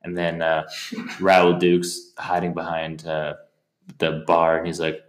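A man with a low voice talks through his favorite film scenes in a loose, halting way. He stumbles, restarts and jumps into high-pitched impressions. The room sounds echoey around him. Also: monotone. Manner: rambling, hesitant, acts out movie lines in high voices. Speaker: podcast co-host. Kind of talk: casual film chat.

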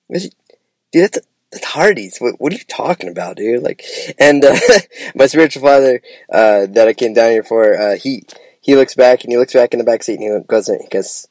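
A man from Idaho talks freely in a relaxed solo podcast, drifting from point to point with eager enthusiasm. His voice sits in a middle register, and the sound is dry and close with no room echo. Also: medium pitch, normal speed. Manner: rambling and enthusiastic, peppered with "man" and "bro". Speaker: podcast host. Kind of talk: casual solo podcast chat.

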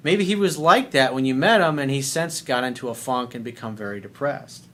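A man's voice: mid-range voice, a little fast, fairly bright tone. A man hosting a dating advice video, talking bluntly and sarcastically, with casual swearing. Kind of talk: casual advice monologue reading viewer letter.

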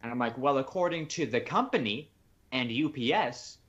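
A man's voice: mid-range voice, expressive, normal speed, a bit bright, muffled recording, a little hiss or hum. A man co-hosting a podcast, telling a rambling story in casual chat and quoting people he spoke to on the phone. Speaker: podcast co-host.

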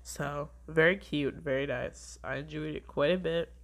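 A woman's voice: low voice, steady tone, moderate pace. A woman rambling through a casual weekly review of her shows, gushing, swearing freely and saying "like" a lot. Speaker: drama reviewer.

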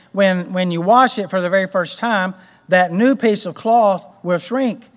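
A man's voice: sits high, big-room sound. A man preaching a folksy sermon, restarting phrases and asking the congregation for an amen. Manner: folksy, repeats words and restarts, asks amen. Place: church.

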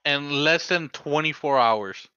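A man co-hosting a casual podcast, excitable and swearing casually. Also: fairly high pitch, slow, smooth, no echo. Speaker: podcast co-host. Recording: dry, dull lo-fi sound.

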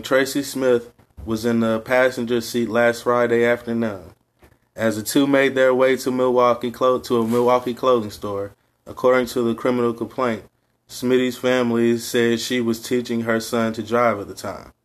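A relaxed man co-hosting a casual podcast, his voice sitting in an ordinary middle register. He talks in a low-key, unhurried way, even when he reads a news story aloud. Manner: laid-back, low-key delivery, calls himself high all the time. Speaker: podcast co-host.

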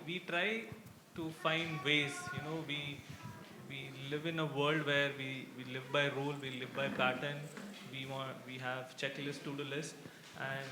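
A man speaking casually about faith at church, halting often with fillers and restarts. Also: mid-range voice. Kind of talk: casual sermon-style talk. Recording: echoey room with background noise.

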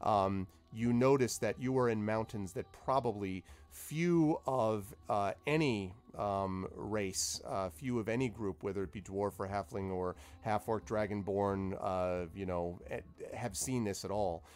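A man's voice: lowish voice, unhurried, hardly any pauses, a little mellow. A man narrating as game master of a tabletop game, rambling with many fillers.

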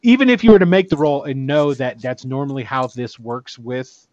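A man narrating as game master, rambling and animated, laughing often. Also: medium pitch, normal speed, dry recording, muffled recording.

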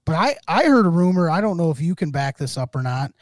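A man's voice: fairly high pitch, very animated, fast, no room sound, clean studio sound. A man co-hosting a podcast, talking in a casual, rambling way with many restarts. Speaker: podcast co-host.

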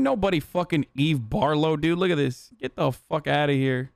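A man's voice: a little high, normal speed, vocal fry, few pauses, no room sound, clean studio sound. A young man streaming heated, profane political commentary, full of fillers and swearing. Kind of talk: casual ranting commentary.

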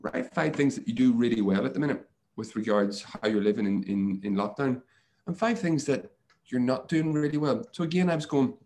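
A man talks casually as a podcast guest, speaking as a mindset coach. He tells stories with animation and voices his own thoughts in quoted lines, in a voice of middling pitch for a man. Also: animated, brisk, darkish tone.

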